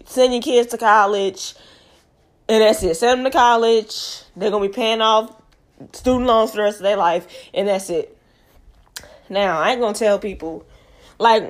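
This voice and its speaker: Young woman with a stuffy nose, hosting her show, hammering points home, asking "you hear me?". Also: mid-range voice. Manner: emphatic, repeats points, asks the audience directly. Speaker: show host. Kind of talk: casual motivational monologue.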